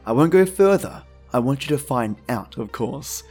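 A man narrating a creepy tale at a middle pitch, unhurried and low in volume. He sounds friendly and chatty, with faint music underneath. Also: lively intonation, breathy edge. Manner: friendly, chatty intro, then slow hushed reading. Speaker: podcast host and narrator. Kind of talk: scripted horror story narration.

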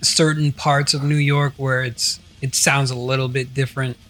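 Bright-voiced, easygoing male podcast co-host. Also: medium pitch, flat delivery, moderate pace. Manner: easygoing, laughs along often. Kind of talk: casual chat.

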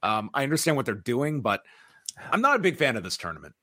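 A man of middle pitch hosts a review podcast, walking through events in an even, matter-of-fact recap. His voice sits close to the mic in a dry, dead room. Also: fast, no room sound. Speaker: wrestling podcast host. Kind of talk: match recap and discussion.

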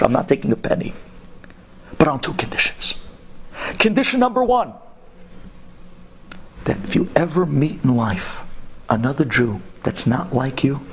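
A man voicing a calm, stubborn young male Torah scholar who speaks firmly and in a measured, lecturing way. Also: on the high side, a little hiss or hum, close to an everyday voice, poor audio.

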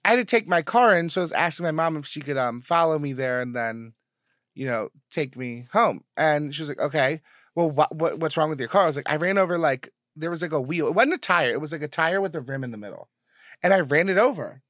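A man's voice: fairly high pitch, a little fast, dry recording, clean studio sound. A young man in his twenties, co-hosting a podcast, telling stories in a casual chat, swearing freely and acting out the quotes. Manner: swears freely, animated retelling with voiced quotes. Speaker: podcast co-host.

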